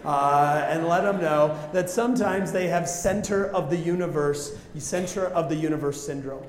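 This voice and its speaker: A man's voice: fairly high pitch, moderate pace. A man preaching a storytelling sermon in a conversational way, often asking the audience questions. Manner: conversational, asks the crowd questions. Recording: echoey hall, faint ambience.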